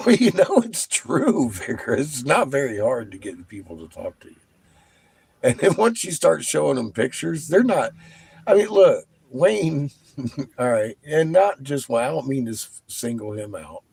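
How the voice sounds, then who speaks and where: A man hosting his own channel, talking casually to viewers, animated and profane, laughing often. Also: medium pitch, vocal fry, breathy edge, no room sound. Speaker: channel host.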